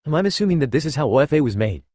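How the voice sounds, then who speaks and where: A brash young sword fighter who curses freely, read by a man. He rushes through his lines at a brisk clip. The sound is dry and close. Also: a little high, sing-song, a little mellow, dry recording. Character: young male swordsman hero, blunt and profane.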